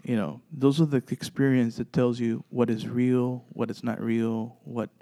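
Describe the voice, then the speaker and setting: A man with a warm, mellow voice tells stories from his paranormal investigation group in a chat. He stumbles through fillers and restarts, then slips into the voices of the people in his story. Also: mid-range voice, flat delivery, gravelly. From Texas. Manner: halting, many fillers and restarts, acts out dialogue.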